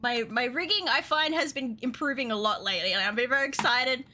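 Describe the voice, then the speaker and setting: A young woman streaming casually, excitable and laughing often, swearing freely as she chats with viewers. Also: high voice, fast, a little hiss or hum. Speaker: VTuber streamer. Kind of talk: casual live-stream chat.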